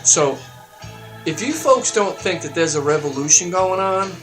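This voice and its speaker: A man delivering a heated, profane talk-radio rant, getting louder and higher as he stresses his points. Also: lively intonation, a little slow, faint music behind. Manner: heated, profane, emphatic ranting that climbs in pitch and volume. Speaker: radio show segment contributor. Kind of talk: ranting talk-radio monologue. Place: radio studio.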